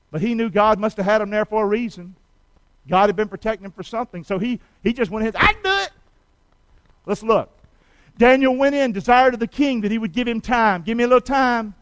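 High-voiced folksy preacher, dry sound. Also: male voice, fairly quick, no room sound, low-quality recording. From United States. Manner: folksy, storytelling, calls on the congregation to repeat after him. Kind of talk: sermon with call and response.

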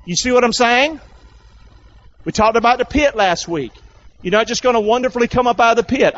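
High-voiced preacher urging his congregation on. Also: muffled recording. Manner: animated, coaxing calls to the congregation. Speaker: pastor. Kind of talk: sermon. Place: large church with congregation.

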